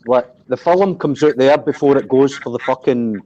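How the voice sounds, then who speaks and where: A man's voice: mid-range voice, moderate pace, warm tone, muffled recording, slight background noise. A Scottish man with a Glaswegian accent, chatting casually and telling sweary, jokey stories. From Scotland. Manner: sweary, jokey storytelling with laughs. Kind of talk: casual group chat.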